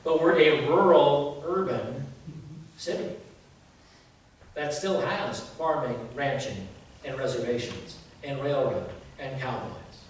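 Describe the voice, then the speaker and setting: A man's voice: medium pitch, takes it slowly. A man in his fifties, a pastor giving a conversational sermon, folksy and joking, often asking the congregation rhetorical questions. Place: church sanctuary. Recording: very echoey church from a distance, faint noise.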